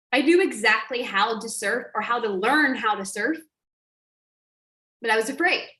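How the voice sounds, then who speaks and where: A woman coach telling an animated story on a live stream, acting out quotes and laughing often. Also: fairly high pitch, roomy sound. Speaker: online business coach.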